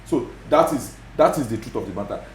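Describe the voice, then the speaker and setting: Fast-talking Nigerian man, emphatic. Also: mid-range voice, animated, echoey room, a little hiss or hum. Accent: Nigerian (Yoruba). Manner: emphatic, repetitive, mixes in Yoruba phrases. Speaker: guest commentator. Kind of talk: TV studio interview.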